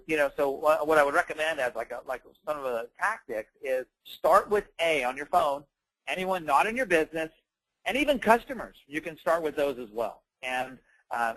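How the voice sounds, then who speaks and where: A man's voice: on the high side, fairly bright tone, low-quality recording. A man giving a casual sales training talk, chatty and emphatic, with plenty of fillers. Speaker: network marketing trainer.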